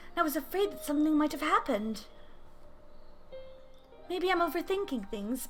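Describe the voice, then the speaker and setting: Woman doing a soft-spoken young oracle. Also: high voice. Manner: soft, quiet, hesitant. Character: gentle, earnest young woman oracle, thoughtful.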